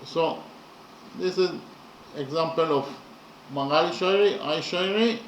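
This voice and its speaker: A man talks through a poem in a careful, unhurried lecture, stopping often to count and restate each point. His voice sits a little high and moves very slowly. The sound rings in a reverberant room with a faint hum of ambience. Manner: slow and methodical, with many pauses and fillers. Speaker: lecturer on poetry. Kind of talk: slow explanatory lecture.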